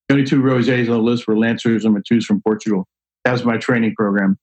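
An older man telling a long personal story in a casual, animated way, acting out the voices of people he quotes. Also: medium pitch, quick pace, low-quality recording. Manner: animated, acts out quoted voices, laughs often. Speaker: guest storyteller.

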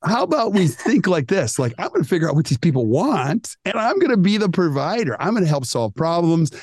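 Lively podcast guy talking business, acts out customers, voice jumps around a lot. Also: on the high side, fairly quick, husky, no echo, studio quality. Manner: animated, emphatic, acts out quoted customers. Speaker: dental practice coach. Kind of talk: energetic podcast talk.

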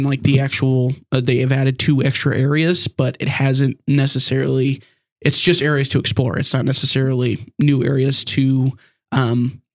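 A man co-hosting a casual gaming podcast, joking around and talking in quick bursts with fillers. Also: mid-range voice. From United States. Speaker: podcast co-host.

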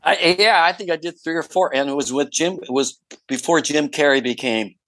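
A man being interviewed as an actor guest, telling anecdotes in an animated way. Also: on the high side, brisk, dry recording, poor audio. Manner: animated storyteller with many fillers and restarts.

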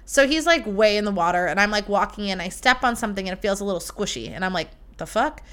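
Young woman podcasting, loose and sweary storytelling, bright voice, average pitch. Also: fast talker, clear, resonant tone. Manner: profane, animated storytelling. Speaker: podcast host. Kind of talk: casual storytelling.

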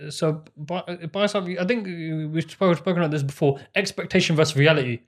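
A young man, telling stories in casual chat, animated and quick to laugh. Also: fairly high pitch. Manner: animated, laughs often, slangy. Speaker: podcast co-host.

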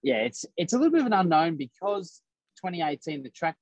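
A man's voice: a little high, fairly quick, no room sound, lo-fi sound. A man tells a racing story in casual podcast chat, acting out what others said. The sound is dry and close, with no room around it. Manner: animated storyteller acting out quotes. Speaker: race driver guest.

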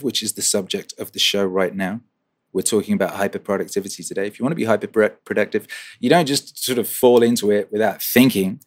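A man's voice: on the low side, steady tone, brisk. A man hosting a weekly question-and-answer livestream, chatting casually, swearing and repeating phrases for rhythm. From England.

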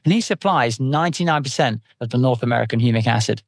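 Fast-talking British man on a podcast. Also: medium pitch, no echo. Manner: rambling, anecdotal explanations. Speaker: nutritional therapist guest. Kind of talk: podcast interview.

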